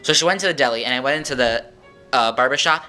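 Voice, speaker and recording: A man with a very bright, sharp voice tells a rambling story straight to camera. He talks casually and animatedly, slipping into the voices of the people he quotes. Faint music plays behind him. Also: medium pitch, fast. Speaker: vlogger.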